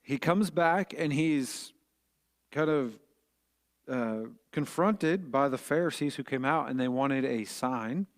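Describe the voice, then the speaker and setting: A man's voice: medium pitch, slow. A middle-aged man, preaching a short devotional sermon in an earnest, conversational way, with fillers and restarts. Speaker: pastor.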